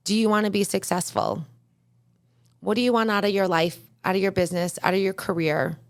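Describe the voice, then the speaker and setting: A woman's voice: mid-range voice, steady tone, a little fast. A woman hosting a podcast, talking candidly and bluntly about her own life in a motivational monologue. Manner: candid, blunt, uses profanity. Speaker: podcast host. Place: podcast studio.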